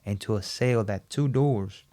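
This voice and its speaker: A man as a podcast guest, recounting a personal story and acting out the dialogue in an animated, repetitive way. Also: fairly low pitch, measured pace. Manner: animated, acts out quoted dialogue, repeats himself.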